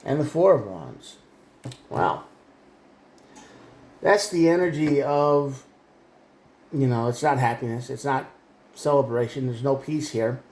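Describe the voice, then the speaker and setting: A man's voice: medium pitch, lively intonation, takes it slowly, pauses often, a little mellow, roomy sound. A man giving a rambling, emphatic tarot reading, often restarting his sentences. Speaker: tarot reader.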